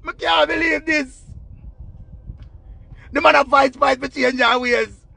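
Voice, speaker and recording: Man, very high voice, gravelly, excitable storytelling, young adult. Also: slow pace, no echo. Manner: animated, excitable, dramatic retelling with shouts. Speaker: vlogger. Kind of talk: casual storytelling.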